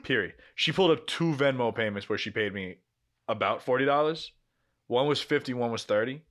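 A man in his twenties telling an animated story in casual podcast chat, swearing freely. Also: medium pitch, a little fast. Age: 20s. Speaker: podcast co-host.

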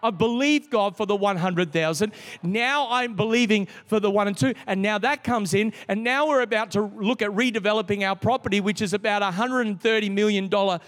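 A middle-aged man preaching a sermon as a pastor, telling a story with lively restarts. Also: high voice, fairly quick. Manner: storytelling, animated, with frequent restarts. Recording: long reverb of a large hall.

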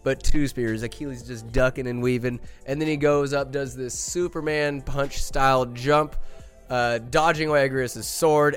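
A man's voice: medium pitch, fairly bright tone. A young man hosting a podcast, rambling enthusiastically through a comedic movie recap with crude jokes. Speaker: podcast host.

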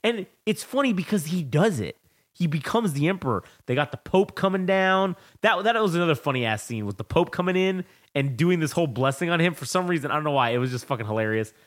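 A man's voice: a little high, quick pace. A man co-hosting a podcast, retelling film scenes in a casual, profane chat and acting out lines. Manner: animated, profane storytelling, acts out movie lines. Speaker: podcast co-host.

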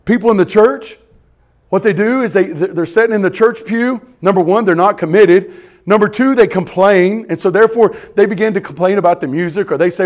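A man's voice: high voice, a little fast, darkish tone. A man pastor preaching a sermon, emphatic and repetitive, often asking the congregation questions.

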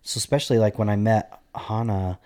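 A man in his thirties, a father, co-hosting a podcast in casual chat, blunt and crude with dark jokes. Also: fairly low pitch, steady tone, fairly quick. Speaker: podcast co-host.

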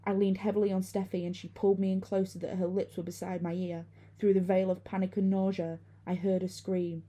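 A woman reading a first-person horror story in a hushed, suspenseful way. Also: on the low side, little pitch movement, brisk, few pauses. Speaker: narrator.

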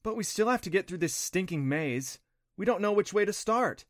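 A fretful young girl on an adventure, voiced higher than normal by a man reading aloud. She sounds uneasy and quick to frustration. Dry, close reading. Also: lively intonation, fairly bright tone, no echo. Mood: frustrated.

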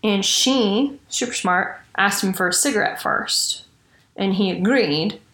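A woman's voice: mid-range voice, a little slow, a bit bright, roomy sound. A woman hosting a casual true-crime podcast, chatty and swearing casually. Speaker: podcast host.

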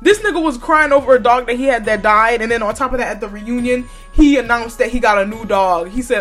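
Woman podcaster, kinda high voice, cussing and cracking up, faint music underneath. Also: a little fast, hardly any pauses. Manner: animated, laughing, blunt and profane. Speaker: podcast host. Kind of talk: casual opinion commentary.

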